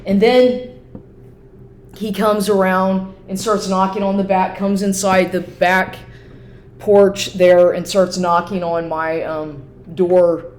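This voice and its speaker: A woman vlogger in an upset, profane rant, talking fast and repeating herself. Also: lowish voice, a little mellow. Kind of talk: agitated personal rant to camera. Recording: echoey room with faint noise.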